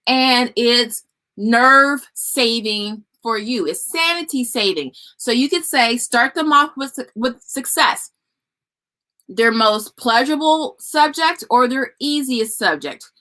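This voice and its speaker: This woman speaks slowly in a slightly high voice that sounds pushed and bright. She runs a laid-back live stream full of homeschooling tips, chatting away and addressing her audience as y'all.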